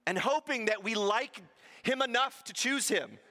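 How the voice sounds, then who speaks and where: A male pastor preaches with animated energy, slipping into the voices of the people he quotes. His voice sits high and sounds bright and forceful. A long hall reverb trails each phrase. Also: moderate pace. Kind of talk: sermon.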